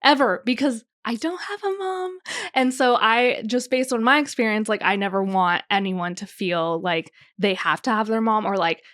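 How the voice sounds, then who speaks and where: A young woman co-hosting a podcast, telling stories in a chatty way, full of "like" and quick laughs. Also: fairly high pitch, fairly bright tone, dry recording, studio quality. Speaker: podcast co-host, wedding photographer. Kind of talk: casual chat.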